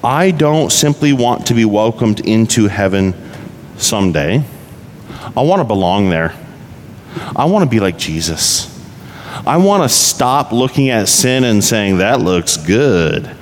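A man's voice: medium pitch, very animated, unhurried, long pauses. A pastor preaching a conversational sermon, asking his listeners rhetorical questions. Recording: reverberant hall, faint background noise.

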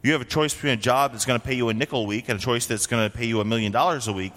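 A man's voice: medium pitch, very fast, a bit bright, long reverb tail. A man from Vermont preaching a sermon as a pastor, in a conversational way with frequent rhetorical questions. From Vermont, USA.

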